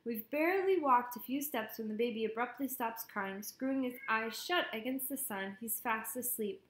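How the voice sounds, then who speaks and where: A woman narrating an audiobook in first person, with wry, lively storytelling. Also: on the high side, normal speed. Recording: echoey room.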